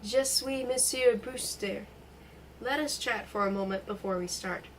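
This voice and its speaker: A woman reading a novel aloud, giving a cold, vengeful man's lines in a measured, commanding way close to her own voice. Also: mid-range voice, recorded from a distance, a little hiss or hum, natural voice, poor audio. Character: cold, vengeful man confronting a rival.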